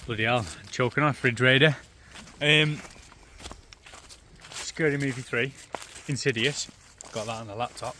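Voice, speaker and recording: A man's voice: mid-range voice, steady tone, measured pace, pauses often, bright, forceful tone, slight background noise. A man joking offhandedly with a friend outdoors in a forest, a little away from the mic. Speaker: friend on the trip. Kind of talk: casual chat.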